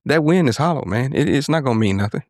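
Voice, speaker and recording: A man's voice: medium pitch, animated, fast talker, no room sound, clean studio sound. A man co-hosting a podcast in a reflective, casual conversation, talking earnestly and often checking in with "right?" and "you know". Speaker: podcast co-host.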